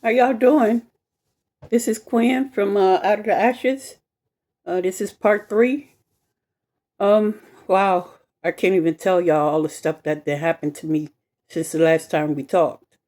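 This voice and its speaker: A woman telling a personal story to camera in an animated, emphatic way, swearing freely and repeating herself. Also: mid-range voice, unhurried. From west side of Chicago. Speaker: vlogger.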